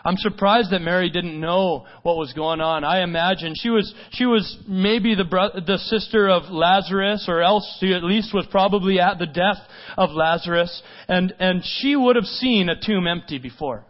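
A man with a notably high voice preaches a sermon, pressing his listeners with repeated rhetorical questions. He swings between loud, urgent stretches and hushed, quiet ones. The recording is dull and lo-fi. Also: moderate pace, few pauses. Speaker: pastor.

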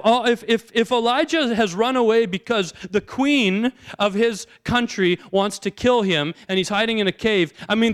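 A man preaching a sermon as a pastor, talking in a conversational way and asking his listeners rhetorical questions. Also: high voice.

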